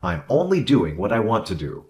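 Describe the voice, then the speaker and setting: A man voicing a selfish, condescending husband who blames his wife, in an animated drama. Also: lowish voice, moderate pace. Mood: arrogant. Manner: condescending, dismissive, then backpedaling. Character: selfish arrogant husband who loves fishing. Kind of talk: animated story voice acting.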